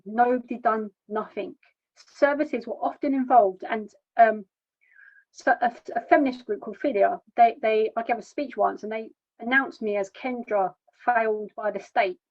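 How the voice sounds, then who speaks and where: A woman telling her own hard story in plain, halting words, often repeating herself. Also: on the high side. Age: adult. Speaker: charity founder sharing her story. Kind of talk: personal testimony. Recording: dull lo-fi recording.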